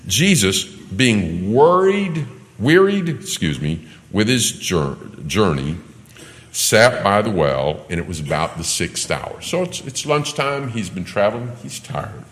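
Deep-voiced man preaching in an echoey hall. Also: sing-song, takes it slowly, fairly bright tone. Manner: conversational asides with light laughter. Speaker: Bible teacher. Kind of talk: expository sermon reading and explaining scripture. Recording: echoey hall with faint ambience.

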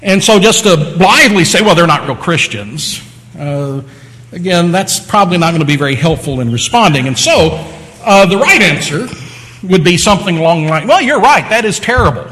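A man preaching a sermon, teaching with lively emphasis and repeating phrases to drive points home. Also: fairly high pitch, moderate pace, big-room sound, rough recording. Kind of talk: sermon lecture.

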